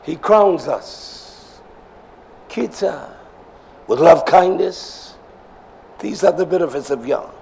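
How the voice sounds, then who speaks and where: A male preacher delivering an emphatic sermon, swinging between shouts and low murmurs and repeating phrases for emphasis. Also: expressive, slow, creaky, pauses often.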